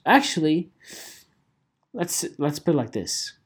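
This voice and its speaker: A man's voice: measured pace, long pauses. A man hosting his own photography show, ranting casually and swearing, with lots of "okay?" checks. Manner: animated, swearing, with lively swings in pitch and repeated "okay?". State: tired. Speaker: photography podcaster. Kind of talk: casual solo vlog rant.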